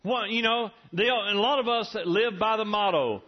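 A man's voice: high-pitched, normal speed. Folksy preacher man, muffled recording. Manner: folksy storytelling, laughs often. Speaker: pastor. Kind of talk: sermon.

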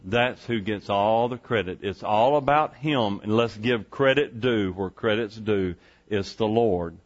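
A male pastor preaches a sermon in a church sanctuary, folksy and conversational as he asks the congregation rhetorical questions. His voice is medium-pitched and the audio dull.

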